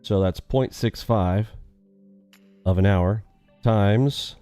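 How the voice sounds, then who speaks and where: Upbeat male trading streamer, low and smooth, keeps quizzing his chat. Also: drawn-out words, warm tone, faint music behind. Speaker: day trading live streamer. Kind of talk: live trading stream commentary.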